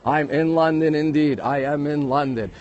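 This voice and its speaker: Fast-talking New York man on a live walking tour. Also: on the high side, a little mellow, highs cut off. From United States. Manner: rapid-fire, greeting viewers constantly. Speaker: livestream host. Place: outdoors at a busy historic site. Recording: faint outdoor city noise.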